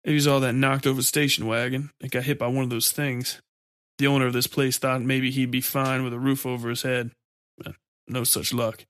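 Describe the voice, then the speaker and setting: A man's voice: medium pitch, little pitch movement, normal speed, fairly bright tone, clear, resonant tone, dry recording, studio quality, close to an everyday voice. A man doing a tired, grim man.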